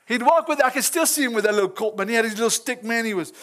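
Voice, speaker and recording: High-voiced man preaching a folksy sermon. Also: expressive, very fast, fairly bright tone. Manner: folksy, chuckling, talks straight to the congregation. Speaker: pastor. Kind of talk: informal sermon. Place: church.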